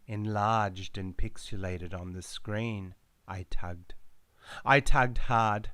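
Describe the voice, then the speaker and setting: A man reading his own story aloud in a slow, measured, darkly dramatic way. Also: medium pitch, no room sound. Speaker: author reading his memoir. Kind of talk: audiobook narration.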